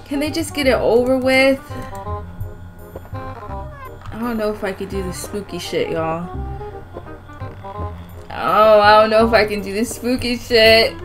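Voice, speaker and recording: A woman's voice: mid-range voice, lively intonation, measured pace, pauses often, over music. A young woman playing a horror game on her channel, jumpy, exclaiming and swearing a lot, with nervous giggles. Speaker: gaming video host. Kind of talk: horror game let's play commentary.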